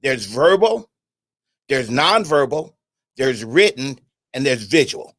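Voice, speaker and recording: A middle-aged man giving an animated, preaching-style talk on an internet radio show, firing questions at his listeners and often repeating and restarting his words. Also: medium pitch, slow, no room sound, studio quality. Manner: animated, conversational, asks the audience questions.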